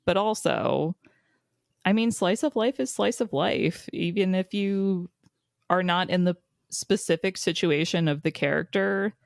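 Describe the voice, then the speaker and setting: A woman's voice: fairly low pitch, measured pace, gravelly, no room sound, clean studio sound. A young woman co-hosting a podcast in casual chat, blunt and emphatic, laughing easily as she gives her opinions. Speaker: podcast co-host.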